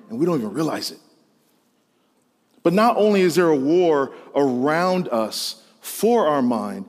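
A man's voice: fairly high pitch, big-room sound. A male pastor preaching a sermon to students in an emphatic, storytelling way. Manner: storytelling, emphatic, rising to exclamations.

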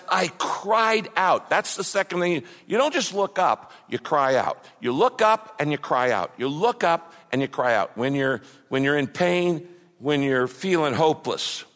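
Male pastor, somewhat high voice, passionate sermon with big dynamic swings, church hall echo. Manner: impassioned preaching, swings from loud cries to mocking mumbles. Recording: long hall reverb.

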